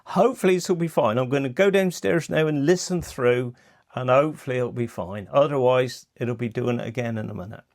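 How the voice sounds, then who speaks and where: A Cornish man hosts his podcast in a relaxed, chatty way, joking at his own expense. His voice is mid-pitched and the sound is dry and close. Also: fairly quick, no echo. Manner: chatty and self-deprecating, lots of agreeing fillers. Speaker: podcast host. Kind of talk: casual podcast chat.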